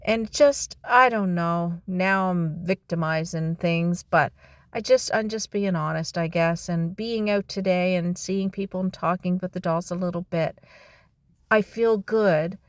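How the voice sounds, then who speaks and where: A middle-aged woman talking to camera in a personal, reflective vlog, heartfelt and halting, with sighs and restarts. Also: lowish voice, dry recording. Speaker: vlogger.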